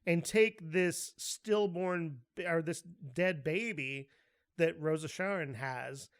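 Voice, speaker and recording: Guy cohosting a podcast, kinda high voice, laughs a lot, gets loud acting out stories. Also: takes it slowly, clean tone. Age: adult, with a daughter. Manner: animated storyteller, laughs often, acts out quotes loudly. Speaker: podcast co-host. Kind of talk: casual chat.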